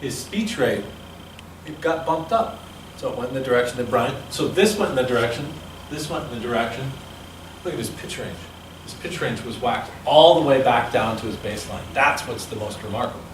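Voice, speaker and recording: A man's voice: mid-range voice, lively intonation, brisk, slight background noise. A male speaking coach leading a seminar, explaining measurements in a chatty, explanatory way and answering questions. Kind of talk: seminar lecture. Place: seminar room. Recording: echoey room, from a distance.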